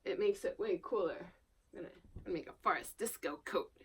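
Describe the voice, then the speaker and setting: A vlogger from Long Island, New York, with no accent, rambles casually and self-deprecatingly to the camera while working indoors at her worktable. Her voice is fairly low and fairly quick, often dropping to a murmur, with slight background noise.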